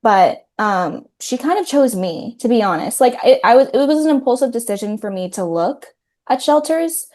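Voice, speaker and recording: A woman's voice: a little high, expressive, normal speed. A woman chatting casually as a podcast guest over a video call, sprinkling her talk with "like" and "um". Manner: chatty, warm toward her dog, frequent "like" and "um". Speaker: podcast guest, content creator. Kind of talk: casual interview chat.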